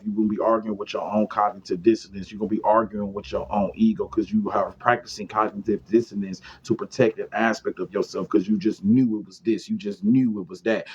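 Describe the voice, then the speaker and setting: A man giving a casual, profane monologue on esoteric topics, swinging between loud rants and muttered asides. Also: lowish voice, slightly rough. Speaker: esoteric lecturer. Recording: dull lo-fi sound.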